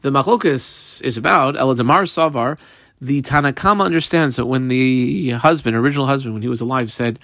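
A man's voice: medium pitch, a little fast, dry recording. A man teaching a daily Talmud class, reading Aramaic phrases and explaining them in casual English. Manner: animated, mixes Hebrew-Aramaic terms into English explanation.

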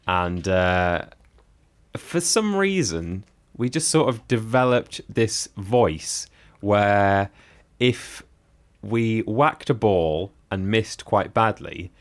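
A man's voice: on the low side, expressive, slow pace. A man in casual podcast chat, with a dry manner, explaining things at length.

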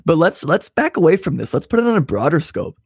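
Gravelly young guy ranting mad on a podcast, cursing a lot. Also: fairly high pitch, very animated, fast, no echo, studio quality. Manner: angry, profane ranting. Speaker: podcast co-host. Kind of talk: casual chat.

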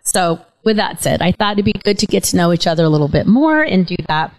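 A middle-aged woman hosts a relaxed talk show, her voice sitting a little low. She chats easily and tells stories, now and then catching on a stutter. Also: quick pace, rough recording. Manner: chatty, warm storytelling with occasional stutter. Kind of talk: casual interview chat.

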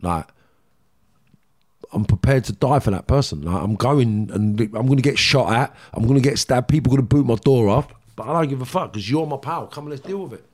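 A man's voice: mid-range voice, fairly quick, a little mellow. A man, a guest in an interview, telling his story intensely, repeating himself, blunt and swearing. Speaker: guest, former criminal.

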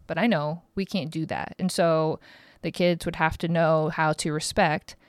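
A woman's voice: deep voice, steady tone, unhurried. A mother in her thirties hosting a podcast, rambling frankly and swearing casually in a loose, chatty monologue. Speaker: podcast host.

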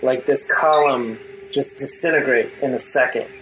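A man's voice: mid-range voice, moderate pace, a bit bright, a little hiss or hum, rough recording. Man narrating a tabletop game, loose. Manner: loose, filler-heavy storytelling. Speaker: game master.

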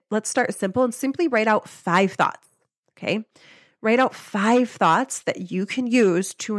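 A woman's voice: mid-range voice, dry recording, studio quality. A young woman host giving a casual motivational talk, upbeat and chatty, with lots of "like" and easy laughs. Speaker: podcast host and life coach.

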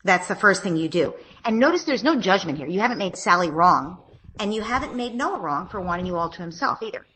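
A woman, a parenting expert, calmly explaining what parents can say to children who are fighting. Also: on the low side, fairly quick, a little hiss or hum. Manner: calm, explanatory, acts out gentle parent lines. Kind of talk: advice conversation.

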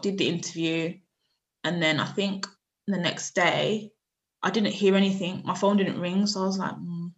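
A woman in her thirties, a journalist guest on a podcast, telling her story in an animated, casual way, acting out other people's lines and laughing often. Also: on the low side.

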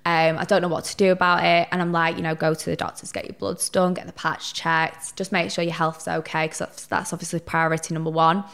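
Guest: young woman, lowish voice, chatty and candid, swears casually. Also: brisk, hardly any pauses. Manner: chatty, animated storyteller who swears casually. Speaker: podcast guest. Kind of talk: casual interview chat.

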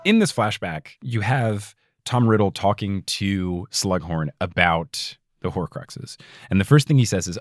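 Lively young man hosting a podcast. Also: low voice, measured pace, dry recording. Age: 20s. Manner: jokey, laughs often, reads long patron list. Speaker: podcast host. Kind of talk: casual podcast chat.

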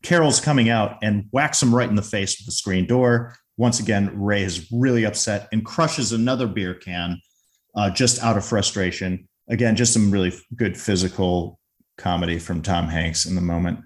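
A man's voice: fairly low pitch, moderate pace. A man casually recapping a favorite comedy film scene, chatty and full of restarts. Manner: chatty, retells scenes with acted quotes. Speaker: film commentator.

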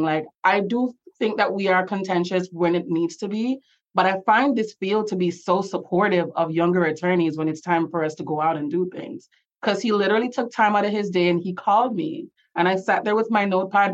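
A woman's voice: lowish voice, muffled recording. A young woman with a Jamaican accent, a lawyer telling her story as a guest in an interview, chatty and often laughing as she quotes herself and others. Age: young adult.

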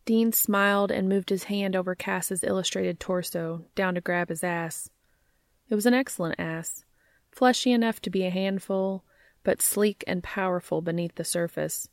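A woman reading romantic fiction aloud in a steady, measured way. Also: mid-range voice, dry recording, studio quality. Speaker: narrator.

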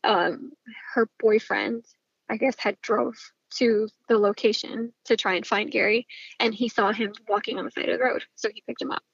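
A woman's voice: a little high, steady tone, normal speed, gravelly, husky, no room sound. A young woman telling a personal story casually, emphatic and swearing, acting out the dialogue. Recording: muffled, dry lo-fi sound.

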